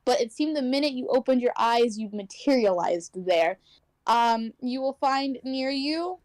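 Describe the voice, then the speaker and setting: A woman's voice: high voice, expressive, a little slow, darkish tone, no echo. A woman running a tabletop game as game master, narrating in a casual, rambling way with many fillers and restarts.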